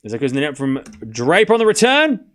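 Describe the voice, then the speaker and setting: A man's voice: fairly high pitch, fast. A man hosting a live tennis watchalong stream, calling each point and cracking jokes in asides. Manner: excitable, joking asides between points. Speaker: watchalong host and commentator. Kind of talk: live play-by-play stream commentary.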